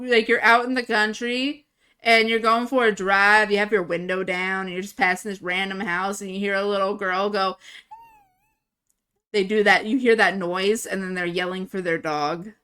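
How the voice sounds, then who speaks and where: A woman's voice: mid-range voice, steady tone, moderate pace, bright, forceful tone, clean tone. A young adult woman livestreamer in casual, giggly chat at a desktop mic. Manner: chatty, giggly, self-amused.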